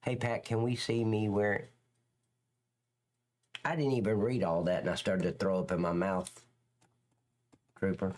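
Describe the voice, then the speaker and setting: A middle-aged man, a former police officer, ranting bluntly and crudely as he chats with viewers on a livestream, his pitch swinging up and down. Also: steady tone, unhurried, long pauses, darkish tone. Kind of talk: casual livestream chat reacting to viewers.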